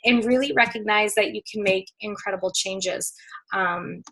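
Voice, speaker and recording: A woman coaching her team on a video call, upbeat and excitable, chatting with lots of fillers. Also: medium pitch, normal speed, rough recording. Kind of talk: casual pep talk on a video call.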